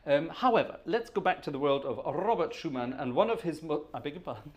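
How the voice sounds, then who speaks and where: A middle-aged British man with a posh accent, hosting a relaxed organ music livestream in a rambling, chatty way and chuckling at his own asides. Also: a little high, fast talker. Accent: posh British English. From Britain. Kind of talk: casual livestream chat between organ pieces. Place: organ room.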